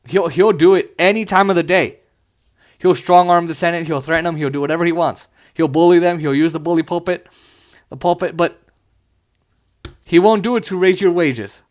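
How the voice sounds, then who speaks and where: A man's voice: fairly high pitch, normal speed. A young man in a casual, sarcastic political rant, mocking and full of filler words. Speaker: political commentator.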